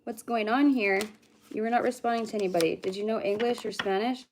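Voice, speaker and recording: A woman's voice: on the high side, fairly even intonation, brisk, noisy background. A woman who is a psychic medium, chatting casually with livestream viewers. She greets them by name and hums and mutters to herself between readings.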